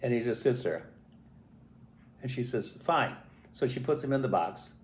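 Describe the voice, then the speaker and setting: An older man tells a family story in a casual, animated way, putting on voices and little sound effects as he goes. His voice sits at a middling pitch for a man. The recording has a roomy echo around it. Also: moderate pace, slight background noise.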